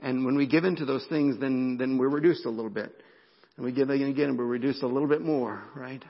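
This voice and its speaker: Man, pastor mid-sermon; gravelly voice, dull lo-fi church recording. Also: medium pitch, fast talker. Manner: animated, repeats words, drops to a whisper for emphasis.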